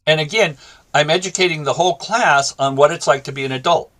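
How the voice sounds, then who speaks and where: A man's voice: on the high side, a little fast, fairly bright tone. A man, a former teacher, telling a story from his classroom in an interview and acting out both sides of the conversation. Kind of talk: storytelling in a talk show interview.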